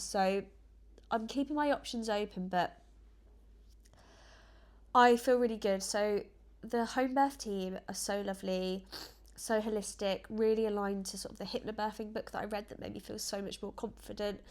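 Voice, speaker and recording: A woman vlogging in a casual, rambling, earnest chat to camera, emotional and close to tears at times. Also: medium pitch.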